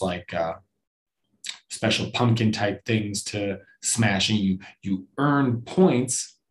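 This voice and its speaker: Rambling, cursing podcast man. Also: fairly low pitch. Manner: rambling, profane and self-deprecating, with frequent restarts. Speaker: podcast host. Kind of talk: casual solo podcast chat.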